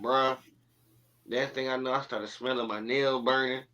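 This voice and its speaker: A man spins a lively story on a podcast, laughing and slipping into the voices of the people he quotes. His voice sits at a middling pitch. The stream audio is muffled and lo-fi. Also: normal speed, heavy background noise. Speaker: guest.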